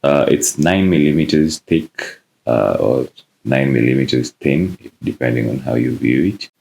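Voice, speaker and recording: A man with a very deep, gravelly voice talks through an unboxing in a relaxed, casual way. He pauses often on "uh" as he goes. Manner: relaxed, many "uh" fillers. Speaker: tech reviewer.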